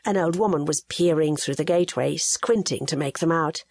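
A woman reading an audiobook in measured scripted narration. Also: low-pitched, darkish tone, breathy edge, no room sound.

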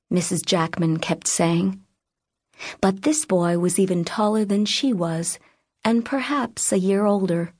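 A woman narrating an audiobook in a measured, even reading voice. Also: mid-range voice, no echo, studio quality. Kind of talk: scripted narration.

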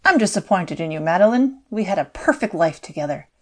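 A woman's voice: on the low side, expressive, a little fast. A woman voicing a cold, mocking male lord villain in an audiobook, with a cool, sneering manner. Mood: disappointed.

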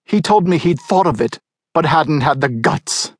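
A man's voice: fairly high pitch, expressive, measured pace, dry recording, clean studio sound. Man reading as a wry, bitter wife. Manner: wry, indignant storytelling. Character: bitter, wry betrayed wife, middle-aged woman.

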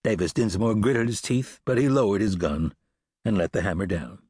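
A man narrating a western audiobook with expressive storytelling. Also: fairly low pitch, moderate pace, husky, dry recording, clean studio sound. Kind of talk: scripted narration.

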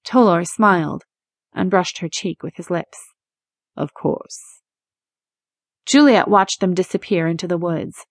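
A woman narrating a romance audiobook in a measured, expressive reading. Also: lowish voice, dry recording, clean studio sound. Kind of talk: scripted narration.

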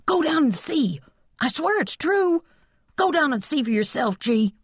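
A frantic little boy, put on by a woman reading a novel aloud, breathless and insistent. His voice sits high and piping, swooping up and down as he pleads. Dry, close recording. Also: very animated, a little slow, no echo.

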